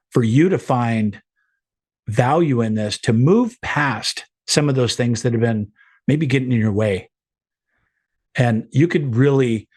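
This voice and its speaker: A man's voice: medium pitch, a little mellow, breathy edge. A middle-aged man leading a group video call, giving an earnest, encouraging motivational talk with frequent restarts.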